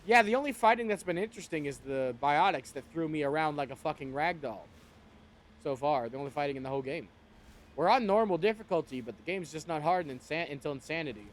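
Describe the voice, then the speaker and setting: Chatty male game streamer, lively pitch. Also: fast. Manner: chatty, wry, swears casually. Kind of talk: casual gameplay commentary.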